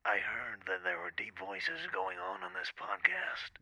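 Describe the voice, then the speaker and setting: A man doing an impression of a gruff action-movie tough guy, delivering deadpan threats. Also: sits low, slight background noise, heavily acted, rough recording. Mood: menacing. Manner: menacing, slow, deadpan threats.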